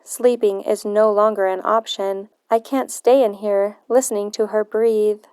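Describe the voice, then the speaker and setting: A woman narrating a novel in the first person, in earnest, measured storytelling. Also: mid-range voice, fairly even intonation, a little mellow, clear, resonant tone, no echo, studio quality. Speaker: audiobook narrator.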